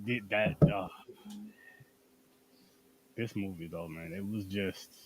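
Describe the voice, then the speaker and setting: A man's voice: sits low, slow pace, darkish tone, a little hiss or hum, poor audio. A man co-hosting a casual horror movie review podcast, talking in an emphatic, joking and profane way. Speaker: podcast co-host.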